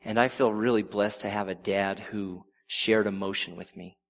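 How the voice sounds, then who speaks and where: A middle-aged man preaching a sermon in an earnest, conversational way, slowing down to read scripture. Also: lowish voice, steady tone, gravelly.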